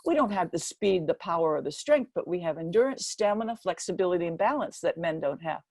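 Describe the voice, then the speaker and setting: Woman in her seventies giving a pep-talk speech, tells it with lots of life, kinda low voice, dry recording. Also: fairly quick, no room sound. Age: 70s. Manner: lively storyteller who acts out the quoted voices. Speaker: guest speaker. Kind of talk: motivational storytelling speech.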